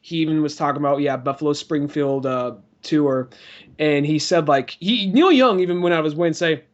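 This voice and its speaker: A man's voice: a little high, fairly quick, highs cut off. A man co-hosting a podcast in casual chat, laughing often, swearing, and stumbling over restarts. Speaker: podcast co-host.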